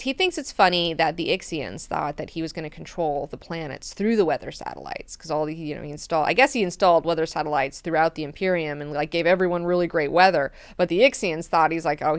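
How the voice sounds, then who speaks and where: A woman hosting a book club, casually recapping chapters in an animated, chatty way with plenty of swearing. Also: on the low side, smooth, no room sound. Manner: animated, profane, chatty retelling.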